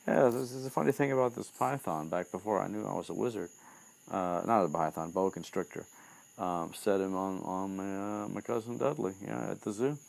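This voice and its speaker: A man's voice: deep voice, moderate pace, creaky, a little mellow, pitched above the performer's own voice. A man doing a slangy, bro-ish teen wizard. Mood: offhand. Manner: slangy, swearing, unbothered. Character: laid-back teenage boy wizard, bro-ish.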